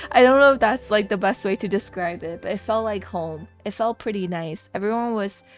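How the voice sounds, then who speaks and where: Young female streamer, casual animated storyteller, mid pitch, soft music behind. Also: moderate pace. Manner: animated storytelling, laughs and swears. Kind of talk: casual live-stream chat.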